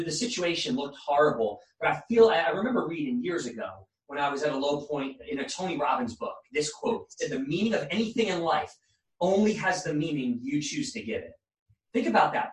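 Male motivational host, fairly high voice, fervent, heard from a distance in a roomy space. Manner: fervent, preachy encouragement. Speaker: podcast host, life coach. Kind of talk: motivational speaking. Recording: echoey room, mic at a distance.

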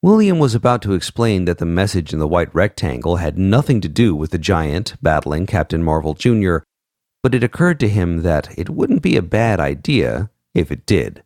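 A man narrates a story in a deep, low voice with a lot of movement in the pitch. He reads at a measured, expressive pace and voices each character in turn. The recording is dry and close. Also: dry recording. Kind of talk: audiobook narration.

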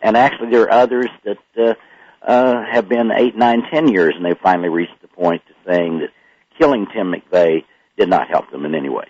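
An older man with a very low voice talks as a radio guest, halting and filling gaps with hesitations. The sound is dry and a little muffled, like an older radio recording. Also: a little mellow, no room sound. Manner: halting, many pauses and fillers. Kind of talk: radio interview.

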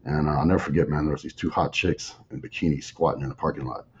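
A man in his forties, a bodybuilder guest in an interview, telling stories in a relaxed drawl and acting out old conversations. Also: extremely low pitch, fast. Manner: laid-back drawl, acts out dialogue. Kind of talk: casual storytelling. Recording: slightly muffled audio, faint background noise.

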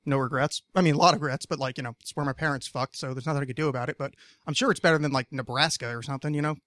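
A man's voice: mid-range voice, fairly even intonation, very fast, fairly bright tone, no room sound, clean studio sound. A man from New Jersey hosting a casual podcast chat, rambling and profane, stammering through many restarts. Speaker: podcast host.

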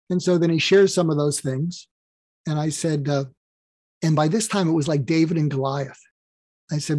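A man's voice: on the high side, fairly even intonation, normal speed, pauses often, a little mellow, no echo. An older man, a psychiatrist guest on an interview show, telling a story and acting out the exchanges he quotes.

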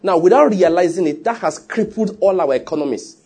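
A pastor delivers a sermon in a high, husky voice. He preaches emphatically and drives his points home with rhetorical questions. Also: expressive, a little fast, darkish tone.

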